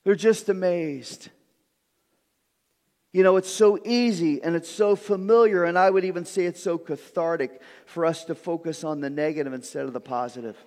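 A man preaching a sermon as pastor, earnest and animated, often repeating a word as he starts a thought. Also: on the high side, moderate pace. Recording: long reverb of a large room.

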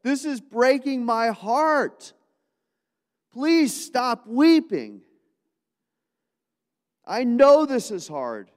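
A man's voice: very high voice, big pitch swings, drawn-out words, long pauses, in a large hall, pitched above the performer's own voice, heavily acted. A man voicing a heartbroken apostle who begs his weeping friends to stop crying, in a strained, raised voice. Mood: pleading.

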